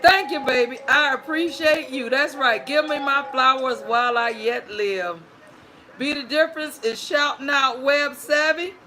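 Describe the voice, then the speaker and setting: A woman's voice: sits high, measured pace, a little hiss or hum. A woman hosting a livestream storytime, greeting viewers by name and reading their chat messages aloud. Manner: greets viewers warmly by screen name, playful and sing-song.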